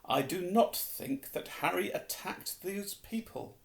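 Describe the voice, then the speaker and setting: A man doing a slow, kindly old wizard headmaster. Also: high voice, lively intonation, creaky, voice pushed up, full character voice. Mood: gentle grave. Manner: slow, measured, kindly delivery. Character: gentle elderly male headmaster wizard, calm and wise. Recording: roomy echo.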